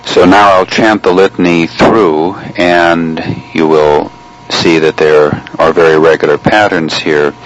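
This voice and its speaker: Male chant instructor, very low voice, slow and measured delivery, pausey. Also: a little hiss or hum, poor audio. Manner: measured, explanatory, with frequent pauses. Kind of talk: spoken lesson on chant.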